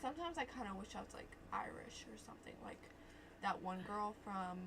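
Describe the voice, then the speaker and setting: A woman's voice: medium pitch, expressive, brisk, vocal fry, background noise. A young woman, the host's daughter, joking around in casual chat. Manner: playful, goofy jokes.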